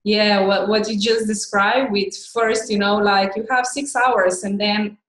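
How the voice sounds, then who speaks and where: A woman's voice: mid-range voice, steady tone, a little slow, a bit bright. A woman hosting an interview, asking thoughtful, open questions. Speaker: interview host. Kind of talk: interview conversation. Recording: roomy echo.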